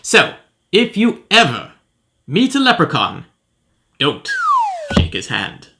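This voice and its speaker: A man's voice: fairly high pitch, wildly swooping pitch, slow, vocal fry, noisy background, heavily acted. A man playing a pompous, self-important professor who hosts a comedic cereal review. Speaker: host. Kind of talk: comedic character monologue.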